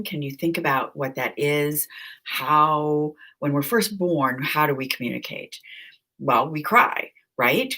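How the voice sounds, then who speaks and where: A woman's voice: sits low, fairly bright tone. A woman giving a conversational recorded lecture, asking the listeners questions and repeating key points.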